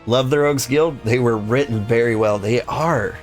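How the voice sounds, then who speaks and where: A man's voice: mid-range voice, normal speed, soft background music. A man casually commenting while he plays a game, with playful joking asides. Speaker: let's play gamer.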